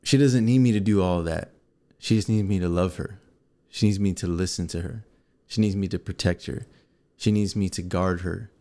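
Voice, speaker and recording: Man telling a story with a lowish voice. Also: normal speed. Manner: animated, acts out scenes and quotes. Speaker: co-host. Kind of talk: casual storytelling to viewers.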